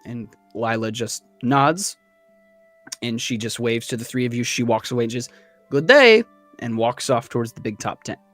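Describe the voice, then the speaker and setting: A man narrating a tabletop game as game master in a relaxed, loose way. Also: mid-range voice, moderate pace, dry recording, faint music behind.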